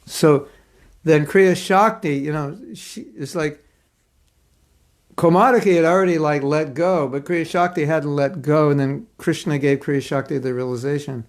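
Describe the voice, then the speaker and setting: A male spiritual teacher tells a devotional story in a gravelly voice pitched a little high. He reads aloud and comments earnestly, with expressive pauses. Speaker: spiritual teacher giving a class.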